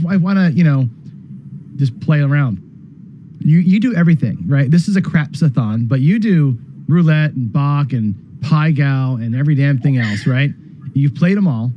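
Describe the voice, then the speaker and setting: A man hosting a live gambling charity stream, rambling casually and clearing his throat as he talks. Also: on the high side, a little hiss or hum. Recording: dull, dry lo-fi stream audio.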